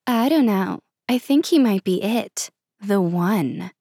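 A woman reading aloud and voicing a sharp, sarcastic young woman. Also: mid-range voice, lively intonation, takes it slowly, breathy edge, no room sound, studio quality, full character voice. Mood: playful. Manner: tart and sarcastic.

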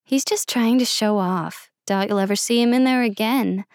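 A woman's voice: fairly high pitch, moderate pace, no room sound, studio quality, natural voice. A woman doing a tart, sarcastic young woman. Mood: playful.

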